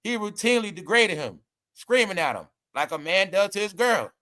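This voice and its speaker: Animated man hosting gossip commentary. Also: high-pitched, normal speed. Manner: animated, mocking, laughs often, addresses viewers as y'all. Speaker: commentary show host.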